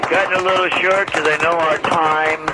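A man hosting a radio show, reading entertainment news with jokey, animated asides in casual banter. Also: a little high, moderate pace, very noisy.

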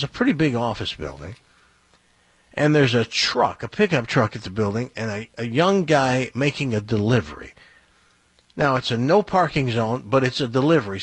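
A man telling a long personal anecdote on a talk show, in an animated storytelling way. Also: medium pitch, husky, dry recording.

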